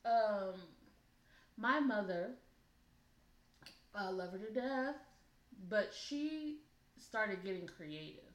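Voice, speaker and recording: A woman in casual conversation, relaxed and chatty, laughing easily while she tells stories. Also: medium pitch, slow pace, long pauses. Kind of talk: casual chat. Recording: echoey room.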